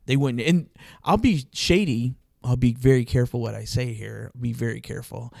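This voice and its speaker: A man casually telling an animated story on a podcast, laughing often. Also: medium pitch, brisk, vocal fry, hardly any pauses, dry recording. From Arizona, US. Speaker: podcast host.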